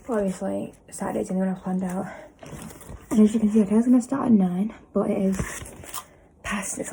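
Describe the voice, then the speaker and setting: Chatty teenage girl, gravelly voice. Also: medium pitch. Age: teens. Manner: chatty, rambling, lots of "like". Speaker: vlogger. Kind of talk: casual study-with-me vlog chat. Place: bedroom at home. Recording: noisy home video recording.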